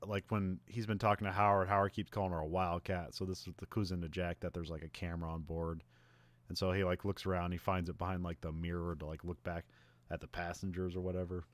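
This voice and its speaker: A man's voice: sits low, level tone, fast talker. A man co-hosting a podcast, casually recapping a movie, laughing often and rambling with lots of fillers. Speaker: podcast co-host.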